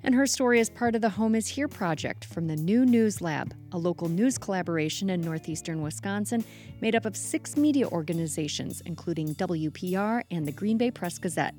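A woman's voice: on the low side, expressive, fairly quick, darkish tone, faint music behind. Woman presenting a public radio segment. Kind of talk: scripted radio narration.

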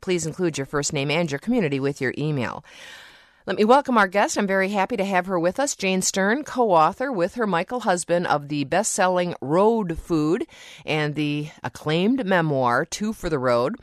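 A woman hosting a call-in radio talk show, chatty and quick to laugh while she interviews a guest. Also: fairly low pitch, expressive, dry recording, clean studio sound. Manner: friendly, laughs easily, chatty with fillers. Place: radio studio.

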